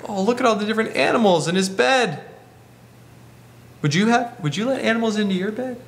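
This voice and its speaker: A man hosting a library storytime, reading a picture book to children and asking them gentle questions. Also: sits high, expressive, a little fast, vocal fry, a little hiss or hum. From Canada.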